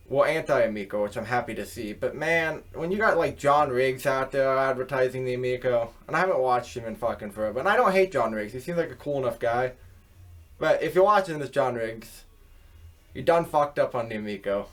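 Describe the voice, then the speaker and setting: A man hosting his own channel, delivering a rambling, profane casual rant filled with fillers. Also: medium pitch. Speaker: channel host.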